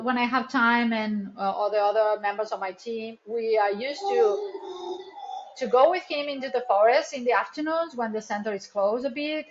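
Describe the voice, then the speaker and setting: A woman guest in a casual interview, telling stories in an earnest, chatty way with some non-native English phrasing. Her voice sits a little high. The recording sounds somewhat dull and lo-fi. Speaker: wildlife rescue center founder, guest.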